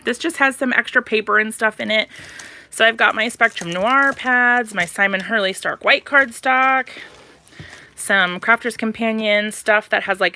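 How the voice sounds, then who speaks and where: A woman's voice: medium pitch, sharp tone, smooth. A woman, chatting on a live stream as she tours her home craft room, slightly out of breath and rambling with fillers. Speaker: craft channel host.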